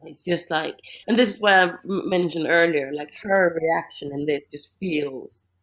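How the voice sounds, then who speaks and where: A woman's voice: low-pitched, a little slow. A woman co-hosting a podcast, thinking aloud about a horror film with many "like"s. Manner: chatty, lots of "like", thinks aloud. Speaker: podcast co-host. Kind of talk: casual film discussion.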